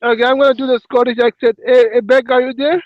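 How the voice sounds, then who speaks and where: Very high-pitched guy hosting voice chat, slow and playful, dry muffled lo-fi. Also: little pitch movement, no echo. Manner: playful, self-mocking. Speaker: host. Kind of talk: casual voice-chat banter.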